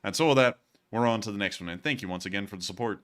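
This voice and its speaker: A man in his twenties hosts a livestream at a racing pace, his fairly low voice a bit bright. Chatty and jokey, he laughs often while reading viewer messages and keeps repeating "oh, man, I'm telling you."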